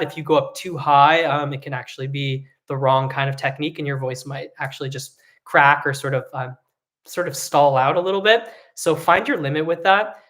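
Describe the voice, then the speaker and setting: Chill vocal coach talking thru technique, lots of ums, easygoing explainer. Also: mid-range voice. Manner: relaxed and explanatory, with frequent fillers. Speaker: singing teacher. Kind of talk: online vocal lesson.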